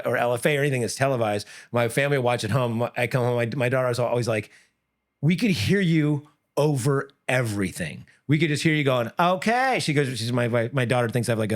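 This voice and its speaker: A middle-aged man in casual podcast talk, voice set at an ordinary middle pitch. He tells stories with lots of restarts, then jumps up into high, shouted quotes. It sounds like a coach talking shop. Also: fast talker, hardly any pauses. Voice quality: often breaks off and restarts sentences. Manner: animated storyteller, acts out quotes in high loud bursts. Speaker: MMA coach and comedian.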